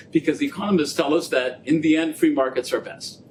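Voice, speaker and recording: A man speaking at a public lecture, fielding questions in an animated, joking way and acting out bits of dialogue. His voice sits a little high for a man. A faint low rumble runs underneath. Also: fast talker, poor audio. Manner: animated, jokey storytelling with quoted dialogue. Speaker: guest speaker on trade policy. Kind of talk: lecture and audience Q&A. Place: lecture venue.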